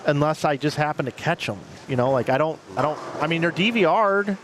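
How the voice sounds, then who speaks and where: A man's voice: a little high, animated, fairly quick. A man commentating on bowling, chatting casually and rambling through emotional restarts. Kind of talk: casual chat. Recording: noisy background.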